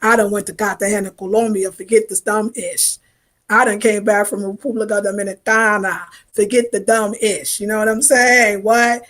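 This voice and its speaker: A woman's voice: medium pitch, level tone, moderate pace, fairly bright tone. A woman in her fifties hosting a lifestyle livestream, chatting casually and animatedly with viewers in slang. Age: 50s. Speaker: lifestyle channel host.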